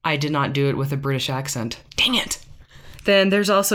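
A woman hosting a podcast in casual chat, playful and quick to laugh as she tries out intro lines. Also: deep voice, a bit bright. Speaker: podcast host.

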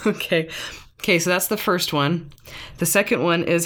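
A woman hosting a podcast in casual chat, playful and quick to laugh as she tries out intro lines. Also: on the low side, a bit bright. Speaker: podcast host.

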